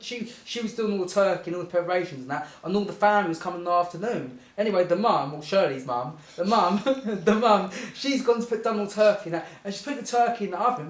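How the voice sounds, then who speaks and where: A speaker telling a rambling comic anecdote, giggling through it and often saying "anyway". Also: medium pitch. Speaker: storyteller. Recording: echoey room.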